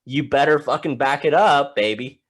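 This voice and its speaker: A man's voice: mid-range voice, normal speed. A man hosting a podcast, asking blunt questions, swearing freely and stumbling over his words. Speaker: podcast host. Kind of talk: casual podcast chat.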